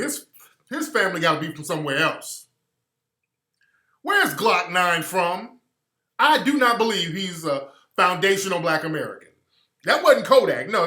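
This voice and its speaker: A man with a high, bright, forceful voice hosts a radio talk show, giving listeners casual commentary in a loose, slangy, rambling style. He trails off while looking things up, and the sound is roomy.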